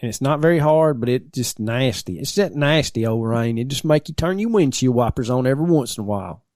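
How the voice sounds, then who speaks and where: Male co-host, animated pitch, dry close sound, joking drawl. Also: brisk, dry recording. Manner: joking, drawling Southern talk. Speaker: podcast co-host. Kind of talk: casual banter.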